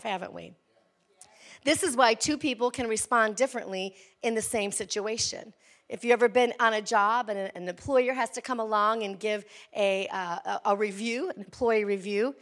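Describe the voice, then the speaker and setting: A woman pastor in her forties preaching an energetic, conversational sermon with frequent call-outs to the congregation. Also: a little high.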